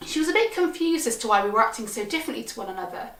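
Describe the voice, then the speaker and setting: Brief: a wry, deadpan woman storyteller with a fairly high voice, in an echoey room, mic set back. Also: very fast, recorded from a distance. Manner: deadpan, wry, punchy delivery. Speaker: comedian storyteller. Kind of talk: comic storytelling performance.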